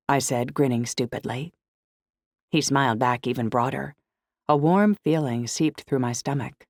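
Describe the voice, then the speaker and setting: A woman reading a first-person novel aloud in measured, scripted narration. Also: rumbling low, darkish tone, no echo. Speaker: audiobook narrator.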